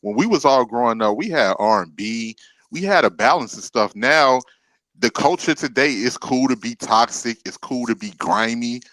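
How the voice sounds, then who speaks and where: A man in a casual chat whose pitch jumps around as he tells stories and mimics others. His voice sounds dry and close, with no room around it. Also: lively intonation, moderate pace, fairly bright tone, no room sound. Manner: storytelling, mimics people in high voices.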